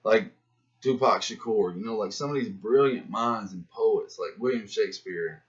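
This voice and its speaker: A man talking in a rambling, profane, slangy monologue about life and philosophy, getting animated as he acts out his own inner voices. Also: lowish voice, moderate pace. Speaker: rapper musing to camera. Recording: dull lo-fi sound.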